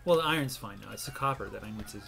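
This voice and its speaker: A man's voice: lowish voice, expressive, very fast, vocal fry, over music. A man hosting a gameplay video, chatting casually and telling a long, rambling joke with lots of ums and restarts. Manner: rambling, self-interrupting storyteller. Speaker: gaming channel host.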